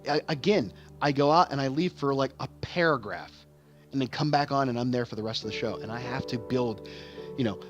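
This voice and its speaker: With game music in the background, a male stage actor and vlogger rambles candidly in a casual monologue, frequently repeating words and restarting. His mid-range voice is a bit bright, and the recording has its highs cut off.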